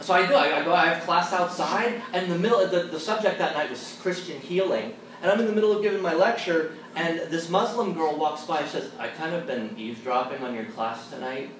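A man, a Catholic theologian, telling stories to a college audience in an animated, humorous way and acting out the people he quotes. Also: sits high, brisk, hardly any pauses, recorded from a distance. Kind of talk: storytelling talk to a college audience. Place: large hall at a college. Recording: echoey room miked from afar with background noise.

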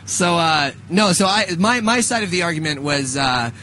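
A man's voice: a little high, lively intonation, normal speed, bright, forceful tone, a little hiss or hum. A young man in his twenties co-hosting a radio show, chatting casually in a rambling, joking way, full of restarts and laughter.

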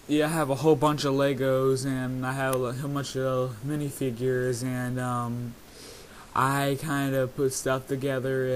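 A man's voice: mid-range voice, slight background noise. A man giving a casual, rambling commentary on his own homemade video, with many hesitations and fillers. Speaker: video creator.

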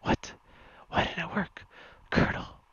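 A streamer whispering the lines of a gruff soldier on a sneaking mission, as whispered role-play. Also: slow, bright, forceful tone, no echo, muffled recording. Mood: terse. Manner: terse whisper.

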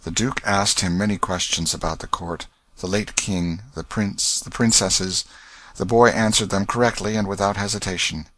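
A man narrating an audiobook with measured storybook reading. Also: low-pitched, fairly even intonation, fairly bright tone, dry recording. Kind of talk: scripted narration.

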